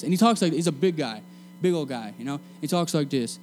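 A young man preaching a sermon to a room of students in a casual, energetic, slangy way. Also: on the high side, quick pace, soft background music. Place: meeting room.

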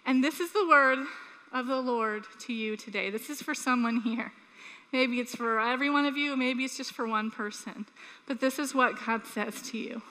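A woman gives a sermon at normal speed in a high, bright voice that echoes through a church hall with long reverb. She begins with an animated story from her childhood, then shifts into earnest appeals to her listeners.

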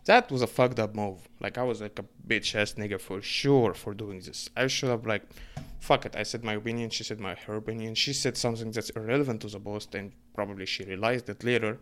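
A young man from Egypt, telling a story in a casual, profane, rambling rant full of fillers and quick bursts. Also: on the low side, fairly bright tone.

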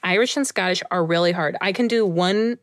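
A woman's voice: fairly low pitch, a little fast, dry recording. Chatty young woman podcast co-host. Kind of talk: casual chat.

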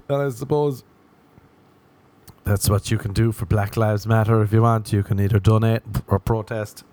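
A man's voice: on the low side, fairly even intonation, moderate pace, a little mellow. A young man delivering a rambling, profane comic monologue, sarcastic and laughing at his own jokes.

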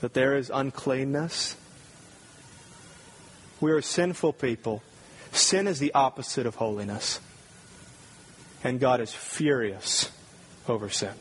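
A man preaching a sermon with strong emphasis, swinging from loud, ringing peaks down to low, quiet stretches. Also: takes it slowly, pauses often, slight background noise. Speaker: pastor.

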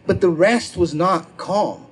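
High-voiced man telling a stand-up story. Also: slow pace, very noisy. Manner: profane, animated, acts out quotes with shouts. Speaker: stand-up comedian. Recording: live crowd laughter. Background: audience laughter.

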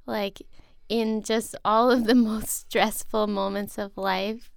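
Slow, gravelly-voiced woman reflecting. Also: mid-range voice, little pitch movement, no echo, clean studio sound. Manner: slow, thoughtful, soft-spoken. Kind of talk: reflective conversation.

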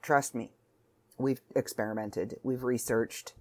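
A woman's voice: rumbling low, fairly even intonation, slow, darkish tone. A woman hosting a casual solo podcast from home, chatting in a rambling, self-interrupting way. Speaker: podcast host.

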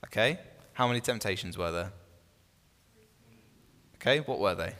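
A man teaching a small Bible study group in a relaxed, conversational way, often restarting phrases and putting questions to his listeners. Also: on the low side, moderate pace. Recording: long reverb in a room.

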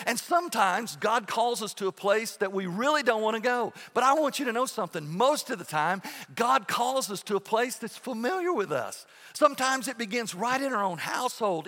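A man's voice: high-pitched, bright, forceful tone, in a large hall. A male pastor preaching a sermon in a church in a conversational way, often checking in with "okay?" and restarting phrases. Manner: frequent restarts and repeated words. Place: church sanctuary.

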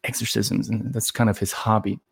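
Male guest from Los Angeles, animated storyteller who acts out quotes and leans on fillers. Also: on the low side, brisk, gravelly, husky. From Los Angeles, USA. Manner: animated, acts out quoted voices, heavy "like" and "you know" fillers. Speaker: podcast guest. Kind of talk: conversational storytelling.

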